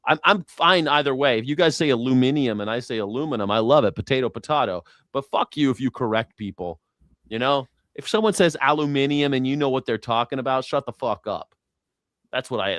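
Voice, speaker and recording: A man's voice: mid-range voice, animated, brisk, a bit bright, no room sound, clean studio sound. A man hosting a casual live-stream chat, swearing freely and joking in mock accents. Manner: profane, jokey, mimics accents. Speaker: show host.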